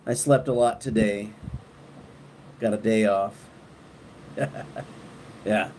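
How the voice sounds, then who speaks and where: A middle-aged man hosting a casual live stream at night, talking to viewers in a relaxed, rambling way and often restarting his sentences. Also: fairly low pitch, slow pace. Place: outdoors at night, windy, on a porch. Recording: wind noise on the mic outdoors.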